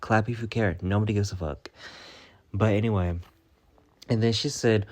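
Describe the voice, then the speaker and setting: A man's voice: on the low side, steady tone, normal speed, darkish tone. A young man telling a story in a casual vlog, sassy and blunt, cursing freely as he reads out his own messages. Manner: retells a chat, reading out his messages.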